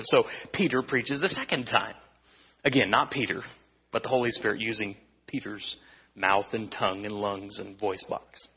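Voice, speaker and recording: Male pastor, casual conversational preaching, husky voice, lo-fi hall recording. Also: medium pitch. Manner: conversational preaching with restarts and humor. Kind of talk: evening sermon.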